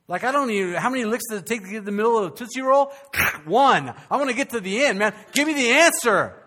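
An older man preaching a sermon as pastor, swinging from loud, animated outbursts to hushed, quiet passages. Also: high-pitched, quick pace.

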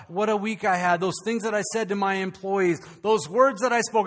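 High-voiced pastor preaching. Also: male voice, a little fast, few pauses, in a large hall. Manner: lively, joking asides to the congregation. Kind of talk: sermon. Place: church sanctuary.

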